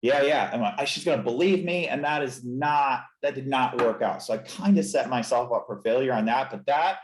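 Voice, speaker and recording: A man's voice: medium pitch, normal speed, slight background noise. A man, a chiropractor, telling his story as a podcast guest in an earnest, reflective, emotional way. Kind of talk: candid podcast interview. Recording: roomy echo.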